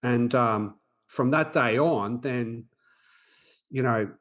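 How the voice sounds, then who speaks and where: A man's voice: medium pitch, takes it slowly, fairly bright tone. Earnest man in his forties. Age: 40s. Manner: earnest, reflective, frequent restarts. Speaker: podcast host. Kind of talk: personal storytelling.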